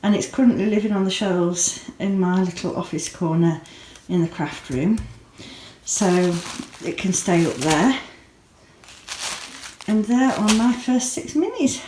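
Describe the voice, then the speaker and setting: A woman's voice: medium pitch, lively intonation, a little slow, dark tone, slight background noise. A woman in her thirties chatting casually at home in a vlog, gushing over small pretty things and sounding sleepy. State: sleepy, yawning. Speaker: yarn dyer and vlogger. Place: home, craft room.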